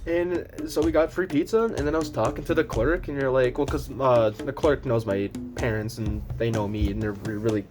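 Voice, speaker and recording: A man's voice: normal speed, a little mellow, soft background music. A young man telling a casual storytime vlog, rambling with restarts and fillers, and acting out the other people's voices. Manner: acts out quoted voices, squeaks high when panicked. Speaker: vlogger.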